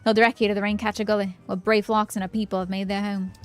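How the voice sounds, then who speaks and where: A woman voicing a bold seafaring pirate leader in a loud, declaiming game-dialogue delivery, with faint music behind. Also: medium pitch, flat delivery, fast, lightly acted. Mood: commanding.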